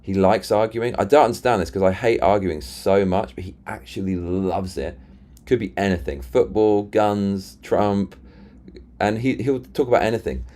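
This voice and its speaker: A man with a very low, deep voice chats casually on a live stream. He rambles, restarts sentences and retells arguments with friends. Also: moderate pace, mellow. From Britain. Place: London.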